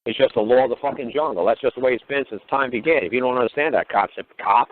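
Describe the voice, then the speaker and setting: Man, blunt, profane storyteller, rapid-fire, thin phone-line sound. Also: mid-range voice. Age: older. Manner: blunt, swearing heavily, acting out both sides of arguments. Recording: tinny phone-line audio.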